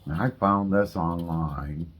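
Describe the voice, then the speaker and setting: A man's voice: low-pitched, slow pace. A man hosting a home cooking video, chatting casually while he tastes his dessert. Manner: chatty, relaxed, tasting while talking. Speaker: cooking channel host.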